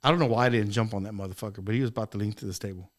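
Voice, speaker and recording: Profane, animated storytelling man. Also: on the low side, racing. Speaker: podcast participant. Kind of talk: casual chat, storytelling.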